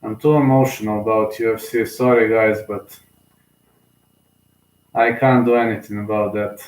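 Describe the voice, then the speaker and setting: A man's voice: lowish voice, little pitch movement, normal speed, roomy sound, rough recording. A young man, giving casual solo live commentary on a fight, emotional and rambling, full of fillers and restarts, sleepy.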